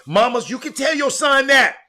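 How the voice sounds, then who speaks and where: Animated high-voiced man ranting. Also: normal speed. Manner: animated, exasperated, hollering. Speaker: host. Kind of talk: ranting monologue.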